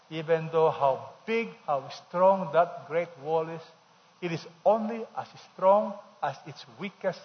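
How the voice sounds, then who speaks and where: A man preaching a sermon, emphatic, repeating key phrases and leading the congregation in call-and-response. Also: fairly high pitch. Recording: dull sound with long hall reverb.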